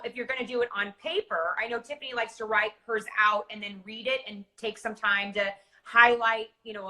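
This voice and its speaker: Bright, higher-voiced woman co-host. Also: rough recording. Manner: affirming, explains with examples. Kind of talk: casual coaching chat.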